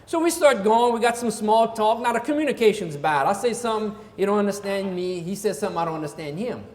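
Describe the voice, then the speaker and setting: High-voiced Cajun storyteller. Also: male voice, animated, quick pace, reverberant, long reverb tail. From Louisiana. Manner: folksy, repeats "I said" as he tells the story. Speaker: comedian. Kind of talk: stand-up storytelling.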